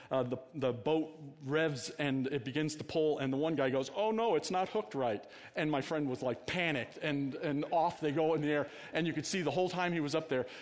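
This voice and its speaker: Male pastor, conversational sermon delivery, asks the congregation questions, goes quiet for emphasis; reverberant sanctuary sound. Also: on the high side.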